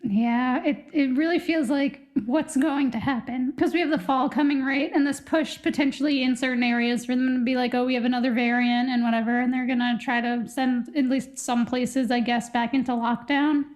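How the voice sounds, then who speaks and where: Rambling woman, fairly high voice. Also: fairly even intonation, normal speed, few pauses, a little mellow. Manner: musing, rambling, light laughs. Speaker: podcast co-host. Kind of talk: casual chat.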